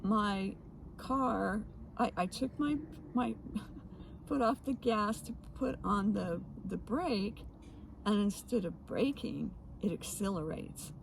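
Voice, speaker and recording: A woman co-hosting a casual chat, telling odd stories with frequent laughs and halting restarts. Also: mid-range voice, vocal fry, slight background noise, poor audio. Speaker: co-host.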